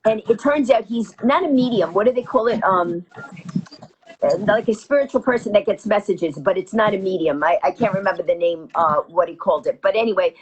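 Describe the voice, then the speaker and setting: A woman from New York telling stories as an interview guest, quickly acting out every quoted line. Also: medium pitch, breathy edge, rough recording. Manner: rapid anecdotal storytelling, acting out quotes. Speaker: interview guest, comedienne and author. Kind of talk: animated storytelling.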